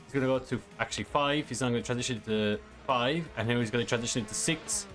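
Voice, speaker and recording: A man's voice: mid-range voice, fast talker, over music. A man streaming a driving game, reading chat questions and explaining a track in a casual, rambling way. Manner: casual, rambling, many fillers. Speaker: sim racing streamer.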